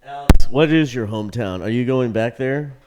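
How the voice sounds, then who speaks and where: A man co-hosting a podcast in casual chat, quick to ask questions. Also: medium pitch, a little mellow. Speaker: podcast co-host.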